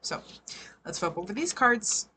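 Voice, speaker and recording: A woman's voice: medium pitch, very animated, a little slow, pushed and bright, a little hiss or hum. A woman giving a casual live tarot reading, chatty and laughing often, swearing freely. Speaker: tarot reader.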